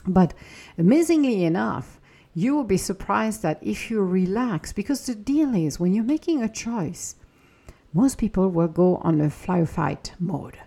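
A woman talks through a reflective spiritual podcast in an earnest, encouraging way. Her voice is husky and mellow. Now and then she acts out a fretting inner voice before calming it again. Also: medium pitch, measured pace. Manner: earnest, encouraging, slips into acted inner-voice quotes. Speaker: podcast host.

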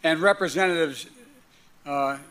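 A man's voice: on the high side, a little slow, a bit bright, clean tone. A male politician making public remarks, stumbling over names and losing track.

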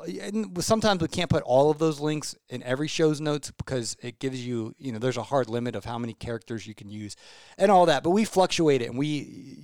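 A man's voice: medium pitch, darkish tone, smooth, dry recording. A man hosting a podcast in a studio, talking casually and enthusiastically, rambling off on tangents between reading listener reviews and sponsor spots. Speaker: podcast host. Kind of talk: casual podcast talk with ad reads.

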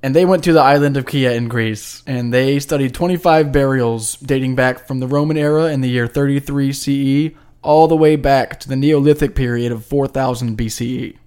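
A man's voice: mid-range voice, steady tone, normal speed, few pauses, a little mellow, clean tone. Joking, laughing male podcast co-host. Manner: jokey, laughs often, swears casually. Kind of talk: casual science chat.

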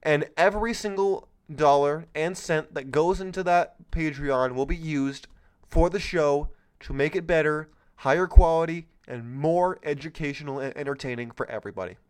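A man's voice: on the high side, moderate pace, smooth. A man hosting his own commentary podcast, talking in a sarcastic, mocking way with lots of exclamations. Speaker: podcast host. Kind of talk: solo political commentary podcast.

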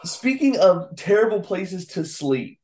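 A young man co-hosting a podcast, chatting casually and teasing with quick reactions. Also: sits high, sing-song, a little mellow, slight background noise. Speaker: podcast co-host. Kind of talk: casual chat.

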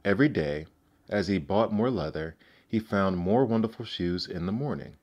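A man narrating fairy tales aloud in a measured, gentle manner. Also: low voice, expressive, highs cut off. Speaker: storyteller. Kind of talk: storybook narration.

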